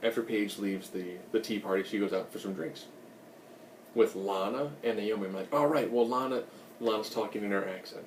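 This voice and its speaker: A man's voice: lowish voice, fairly even intonation, brisk, distant mic, slight background noise. Chatty man recapping a show, echoey room. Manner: chatty, rambling, joking asides. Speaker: recap host. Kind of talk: casual TV recap.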